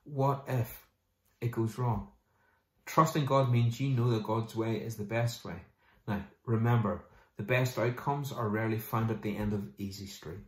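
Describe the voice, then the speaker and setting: A man's voice: on the low side, normal speed. Man preaching in an echoey room. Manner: animated, mimics people in quoted asides. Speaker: pastor. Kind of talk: sermon.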